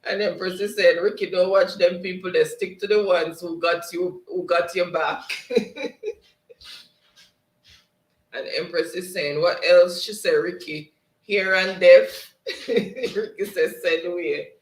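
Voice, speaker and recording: A man with a slightly high voice hosts a live stream, reading viewer comments aloud in a casual, laughing way. He sounds set back from the microphone in a roomy space. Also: steady tone, unhurried, pauses often. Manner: laughs often, reads chat aloud. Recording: roomy, distant mic.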